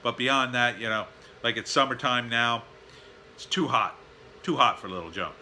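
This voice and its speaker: Bright-voiced man telling a rambling home story. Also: medium pitch, moderate pace, slight background noise. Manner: rambling, with many fillers and tired sighing asides. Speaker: vlogger. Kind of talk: casual storytelling vlog. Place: at home, backyard and indoors.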